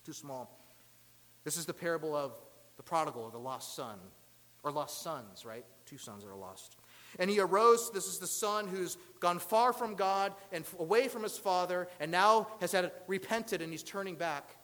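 A man preaching a sermon as pastor, asking rhetorical questions and swinging between loud emphasis and hushed lines. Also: high voice, animated, moderate pace, in a large hall.

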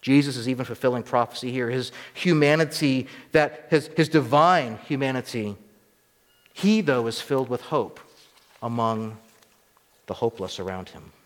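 A male preacher giving an expository sermon, teaching with emphatic rises and quiet asides. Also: medium pitch, moderate pace. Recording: long hall reverb.

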